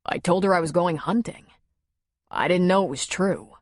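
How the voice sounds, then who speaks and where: A woman voicing a protective former Marine, speaking low and gently. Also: normal speed, no room sound, studio quality, close to an everyday voice. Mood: calm. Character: protective former Marine man, calm and gruff.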